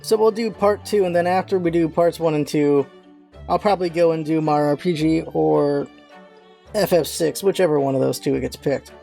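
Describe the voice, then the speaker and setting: A woman hosting a casual game voice-through, reading scenes and joking in an animated, exasperated way. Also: sits low, normal speed, vocal fry, faint music behind. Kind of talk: casual let's-play commentary and reading.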